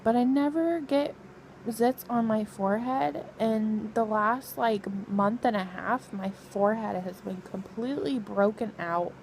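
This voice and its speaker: A woman's voice: a little high, unhurried, creaky, darkish tone, slight background noise, rough recording. A young pregnant woman vlogging casually from bed, rambling and laughing as she talks to her camera. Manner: chatty, rambling, laughs often. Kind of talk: casual pregnancy vlog chat. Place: lying in bed at home.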